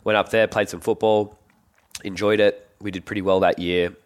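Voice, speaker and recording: An Australian man in his thirties, a guest telling relaxed stories in casual conversation. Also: on the low side, normal speed, smooth. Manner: relaxed, animated when quoting others. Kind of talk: casual storytelling.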